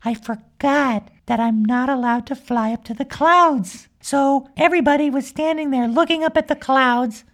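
A woman's voice: high voice, normal speed, hardly any pauses. A woman voicing a cheerful, mischievous young magical unicorn girl, telling a rambling, childlike comic story with giggles. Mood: chatty. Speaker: podcast character.

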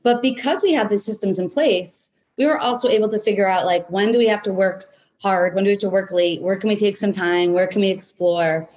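A woman's voice: mid-range voice, fairly quick. Woman in her 30s coaching biz owners on a call, casual, keeps saying right?. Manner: energetic, repeats points with "right?"; casual, occasional swearing. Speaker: business coach. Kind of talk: live online workshop.

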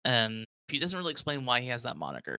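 A man's voice: mid-range voice, wildly swooping pitch, fast, gravelly, bright, forceful tone, clear, resonant tone, no echo, clean studio sound. A man running a tabletop game as game master, narrating in a rambling way with many fillers.

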